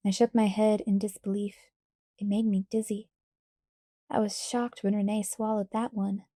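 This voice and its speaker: A woman reading a novel aloud in quiet, even first-person narration. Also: mid-range voice, moderate pace, dry recording, studio quality. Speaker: audiobook reader.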